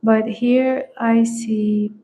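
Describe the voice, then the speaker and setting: Slow-paced woman tarot reader, not a native English speaker, mellow voice, gropes for words. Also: fairly high pitch, little pitch movement, poor audio. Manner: slow, searching for words, laughs often. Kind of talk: collective tarot reading.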